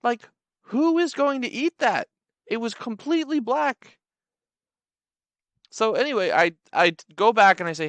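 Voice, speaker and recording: Animated man telling a comedy story. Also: a little high, moderate pace, pauses often, dry recording. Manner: animated, sarcastic, playful.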